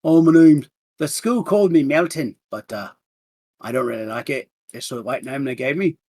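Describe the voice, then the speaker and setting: A man's voice: mid-range voice, normal speed, darkish tone, lightly acted. A man voicing a shy, guarded teenage boy. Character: young male teen, shy and guarded.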